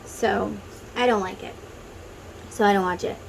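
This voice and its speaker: A woman's voice: mid-range voice, steady tone, moderate pace, creaky, slight background noise, poor audio. A woman who reads tarot, talking casually to viewers and guiding them through an inner-child meditation, with chatty tangents. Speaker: tarot reader.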